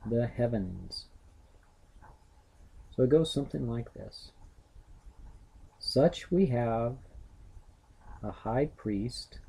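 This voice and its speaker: Middle-aged guy teaching grammar, slow and methodical, real dark gravelly voice. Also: medium pitch, rough recording. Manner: slow, methodical, parsing word by word. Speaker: Greek teacher. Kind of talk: classroom grammar lesson.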